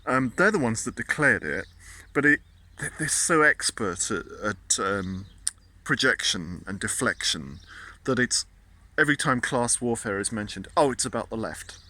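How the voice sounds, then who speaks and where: A man's voice: mid-range voice, expressive, a little slow, sharp tone. A man, ranting casually and indignantly, often stumbling and repeating words. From Britain. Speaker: vlogger. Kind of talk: casual political rant.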